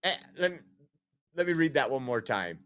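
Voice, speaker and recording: A man's voice: mid-range voice, sing-song, moderate pace, fairly bright tone, clear, resonant tone. A man hosting opinionated political commentary, reading quotes aloud and laughing at them mockingly.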